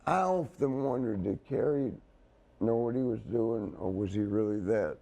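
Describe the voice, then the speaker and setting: A man's voice: on the low side, normal speed, gravelly, dark tone. A man telling a rambling story as a guest in a casual chat, laughing as he goes. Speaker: wrestling guest.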